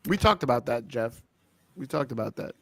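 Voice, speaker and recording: Excitable, lively-pitched swearing man. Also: normal speed. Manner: excitable, swearing, laughing, with frequent impersonations. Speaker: co-host of a wrestling review show. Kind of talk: casual, profane chat.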